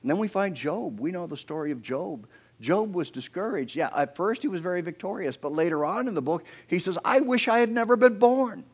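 A man's voice: fairly high pitch, lively intonation, fairly quick, breathy edge. A man preaching a sermon outdoors, telling scripture stories dramatically and acting out quoted speakers, with playful asides. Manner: dramatic storytelling, acting out quoted speakers with big swings in loudness. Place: outdoors near a creek.

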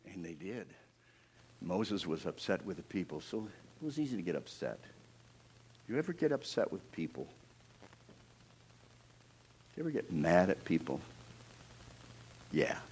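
A middle-aged man from Pennsylvania preaching a sermon, telling stories and acting out the voices, swinging between loud bursts and hushed asides. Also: low voice, very animated, a little slow, long pauses, a little hiss or hum. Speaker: pastor.

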